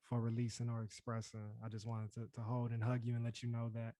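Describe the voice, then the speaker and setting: A man speaking softly at a panel, halting and repeating words as he talks. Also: mid-range voice, completely flat delivery, dry recording. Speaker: co-moderator. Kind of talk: panel conversation.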